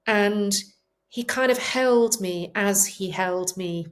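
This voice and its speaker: A woman's voice: mid-range voice, unhurried. Earnest woman doctor. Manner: earnest, heartfelt, sincere. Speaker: palliative care doctor, guest. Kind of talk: emotional conversational interview. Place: home, on a sofa.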